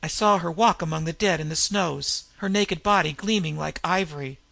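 A man's voice: a little high, moderate pace, vocal fry, sharp tone, no room sound, full character voice. A man voicing an older, wild-eyed Norse warrior telling a legend with fervent intensity in a read-aloud tale.

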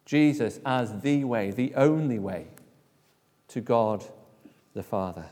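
A man preaching a sermon, speaking emphatically and letting phrase endings fall to a hush. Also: mid-range voice, lively intonation, slow, long reverb tail.

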